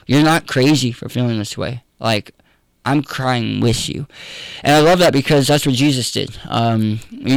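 A pastor telling a personal story in an interview, candid and earnest. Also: male voice, mid-range voice, smooth, dry recording. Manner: candid, earnest, conversational with fillers.

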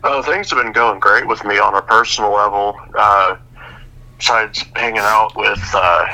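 A man's voice: on the low side, steady tone, normal speed, sharp tone, low-quality recording. A man, a regular on a radio show, speaking plainly and matter-of-factly.

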